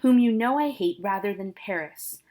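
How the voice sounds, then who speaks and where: A woman reading the part of a defiant teenage noble girl who refuses a marriage, speaking the verse slowly and with emphasis. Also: medium pitch, lively intonation, a little mellow, close to an everyday voice. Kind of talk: dramatic reading of a play.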